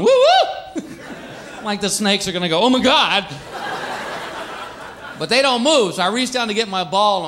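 A man performing a stand-up comedy routine, telling stories and acting out the people in them. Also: fairly high pitch. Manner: animated storytelling, acts out characters, frequent laughter from crowd.

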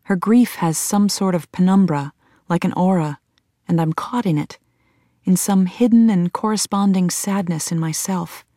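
A woman reading a first-person audiobook in a measured, tense storytelling manner. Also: on the low side, dark tone, no room sound, clean studio sound. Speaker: audiobook narrator.

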